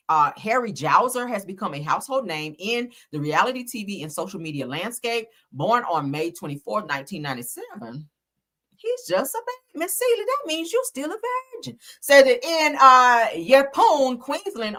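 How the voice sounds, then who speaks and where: A woman's voice: mid-range voice, fairly bright tone. A woman hosting a livestream, reading celebrity news aloud in a sassy, chatty way and laughing with her viewers. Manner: sassy, chatty, laughs often, talks to chat. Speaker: livestream host.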